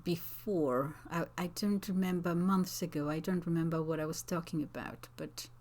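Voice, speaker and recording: A woman teacher answering viewers' comments in an unscripted talk, slow and thoughtful, with frequent hesitations and restarts. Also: lowish voice, fairly even intonation, a little mellow. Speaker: language teacher and channel host.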